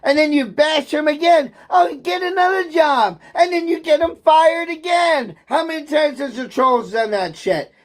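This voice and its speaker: A man's voice: extremely high pitch, moderate pace, few pauses. A man in an angry livestream rant, bitter, aggrieved and heavy with profanity, agitated and sometimes near tears.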